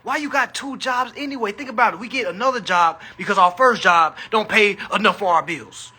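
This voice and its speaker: A man's voice: high-pitched, fairly quick, pushed and bright, slightly rough. A man hosting a live stream, talking casually and animatedly, with lots of profanity and a preachy edge.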